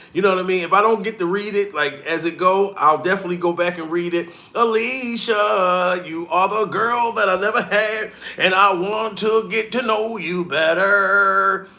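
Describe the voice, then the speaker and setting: A man's voice: high-pitched, sharp tone. A comedian streamer ranting profanely and mockingly on a live stream, calling out to chat as he goes. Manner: profane, heated, mocking rant.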